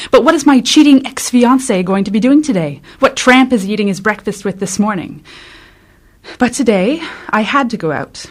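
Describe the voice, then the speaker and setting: A woman's voice: fairly high pitch, lively intonation, moderate pace. A woman reading a confiding, wry dramatic monologue in a radio studio, rising to tearful emotion. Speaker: contributing writer reading a monologue.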